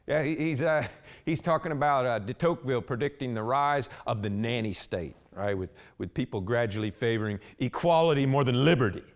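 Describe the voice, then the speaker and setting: Lightly acted and fairly quick, a medium-pitched man delivers a one-man theatrical monologue. As a rambling blue-collar husband talking to a police officer, he says "man" over and over and keeps starting his sentences again.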